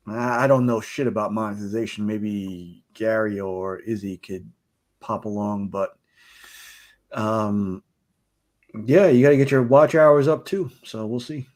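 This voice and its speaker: A man's voice: mid-range voice, measured pace, a little mellow. A laid-back man from Texas co-hosting a podcast, chatting casually and joking. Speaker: podcast co-host. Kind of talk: casual chat.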